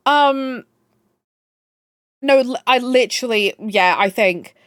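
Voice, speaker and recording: A woman's voice: medium pitch, lively intonation, a little slow, smooth, dry recording, clean studio sound. A young woman streaming live, chatting casually and gushing at her chat. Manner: gushing, chatty, swears, reads chat aloud.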